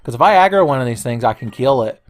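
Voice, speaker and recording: A man's voice: mid-range voice, expressive, quick pace. Joking, profane young male gamer. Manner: joking, profane, rambling, with silly voices. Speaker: let's play commentator. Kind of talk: casual gameplay commentary.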